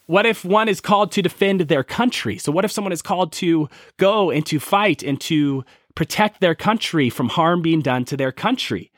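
A man's voice: a little high, expressive, moderate pace, hardly any pauses, no echo, studio quality. A young adult man hosting a podcast, telling a childhood story in an earnest, conversational way and posing rhetorical questions. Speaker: podcast host. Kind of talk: storytelling monologue.

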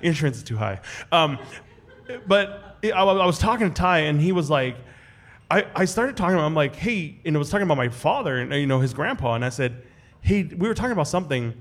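A man spins a casual story for a live crowd, his voice rising and dipping as he acts out the people in it. He talks at an easy, conversational clip, warm and open with the room. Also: brisk. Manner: animated, acts out quoted voices with big jumps in pitch. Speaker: guest storyteller on a live podcast show. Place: live event at a restaurant.

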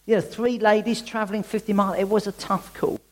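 A man preaching a conversational sermon in a church, full of rhetorical questions and quick restarts. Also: high voice, flat delivery.

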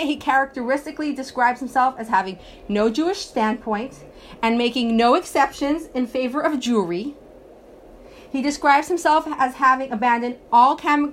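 A woman's voice: sits high, slight background noise. A woman teaching a religious class, telling stories and acting out the voices of the people in them. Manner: storytelling, acts out voices, emphatic.

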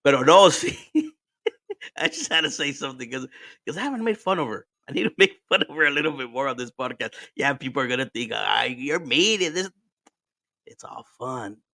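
A man's voice: medium pitch, brisk, pushed and bright, dry recording, studio quality. A man, hosting a podcast and telling a story in casual chat, laughing and swearing as he switches between English and Spanish. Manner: drinking while talking. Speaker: podcast host.

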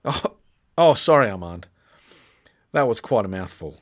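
A man's voice: lowish voice, very animated, measured pace. A man with an Australian accent doing a comic sketch, blustering through announcements like a pompous official. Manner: hammy, blustering, over-the-top announcer. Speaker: comedic sketch narrator playing an official.

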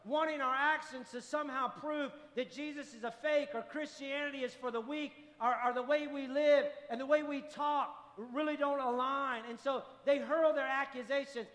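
High-voiced man preaching in a reverberant hall. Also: steady tone, moderate pace, few pauses, fairly bright tone. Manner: impassioned, repetitive declarations. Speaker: pastor. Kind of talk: sermon. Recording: long hall reverb, faint music.

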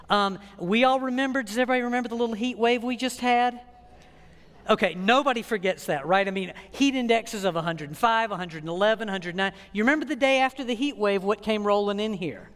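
A man preaching a sermon as pastor, animated and emphatic, with dramatic pauses. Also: high voice. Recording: long hall reverb.

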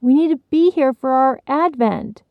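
A woman's voice: sits high, moderate pace, no room sound, phone-quality sound, pitched above the performer's own voice. A woman voicing an earnest, wide-eyed little boy who sounds a bit unsure in a storybook reading. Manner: earnest, uncertain.

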